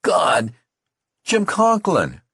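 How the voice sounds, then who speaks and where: A man's voice: high voice, wildly swooping pitch, extremely slow, vocal fry, sharp tone, husky, no echo, studio quality, pitched above the performer's own voice, exaggerated voice. A man voicing a young male soldier who stammers and cries out in anguish over a wounded friend. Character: young male soldier, panicked and grief-stricken.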